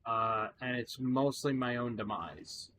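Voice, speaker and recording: Tired, rambling man with a bright voice. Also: medium pitch, slow pace, a little hiss or hum. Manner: rambling, chatty, with frequent fillers and restarts. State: tired, yawning. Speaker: gaming channel host. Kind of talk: casual gameplay commentary.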